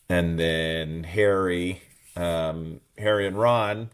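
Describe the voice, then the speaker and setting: A man's voice: mid-range voice, expressive, a little slow. A man co-hosting a podcast, recapping a book chapter in casual chat and retelling scenes at length with plenty of "you know" and "um". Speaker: podcast co-host.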